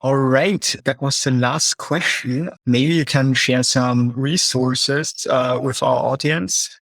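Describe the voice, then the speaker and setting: A man's voice: mid-range voice, steady tone, slow pace, fairly bright tone, dry recording. A man moderating a webinar Q&A, reading out audience questions and giving short affirming replies. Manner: brief, affirming, reads out questions.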